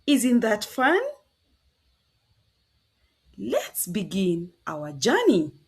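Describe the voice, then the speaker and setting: A woman teaching phonics to young children, cheerful and coaxing, sounding out each letter slowly. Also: mid-range voice, big pitch swings, husky. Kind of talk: slow, sing-song teaching to preschoolers.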